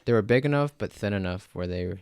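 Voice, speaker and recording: Gravelly young man in laid-back chat. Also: on the low side, expressive, fast talker, darkish tone, no echo, studio quality. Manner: laid-back, matter-of-fact, short replies. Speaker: podcast co-host. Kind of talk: casual chat.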